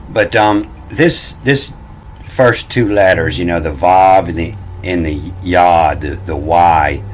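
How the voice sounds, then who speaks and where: A man with a low voice talks slowly and loosely. He circles back over his words, restarts phrases and keeps dropping folksy "you know"s as he explains. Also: slight background noise, low-quality recording. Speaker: self-taught bible language commentator. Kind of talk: casual rambling explainer talk.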